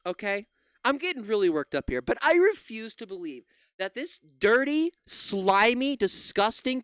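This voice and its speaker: This political commentator reacts to clips with heated, profane rants full of stumbling restarts. He speaks in a high, slightly bright, smooth voice, captured in clean studio sound with no echo.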